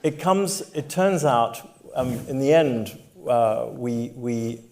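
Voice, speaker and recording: A middle-aged man, an author from Zimbabwe, speaks at a public talk in a voice of ordinary pitch. In conversation he hesitates and restarts his sentences, and when he reads from his memoir his delivery turns steady and measured. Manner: hesitant with many restarts when talking, measured when reading aloud. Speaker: author and guest.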